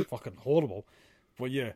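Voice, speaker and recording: A man's voice: medium pitch, normal speed, mellow, husky, no echo, studio quality. A man co-hosting a casual podcast chat, blunt and sweary, ranting with plenty of filler. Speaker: podcast co-host.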